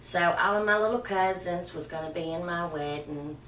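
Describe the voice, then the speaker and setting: Low-voiced woman telling her story. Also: normal speed, a little hiss or hum. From Southern United States. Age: middle-aged. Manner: rambling, soft-spoken, emotional reminiscing. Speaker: vlogger. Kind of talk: personal storytelling. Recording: roomy and far from the mic.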